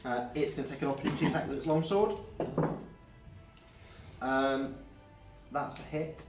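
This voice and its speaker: A man's voice: medium pitch, normal speed, recorded from a distance, music in the background. A man running a tabletop game as dungeon master, with dry, teasing rulings. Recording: echoey room.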